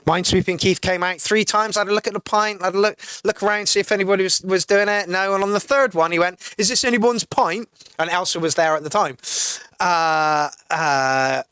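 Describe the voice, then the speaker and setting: A man's voice: sits high, fairly even intonation, brisk, sharp tone, clear, resonant tone, dry recording. A man hosting a casual live music-review stream, reading out chat comments and swearing freely as he rants. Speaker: livestream music review host.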